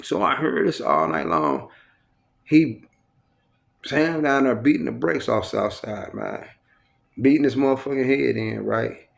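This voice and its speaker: Gravelly man telling street stories. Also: mid-range voice, unhurried, pauses often. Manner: profane, street slang, animated retelling. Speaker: storyteller recounting prison life. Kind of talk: casual storytelling.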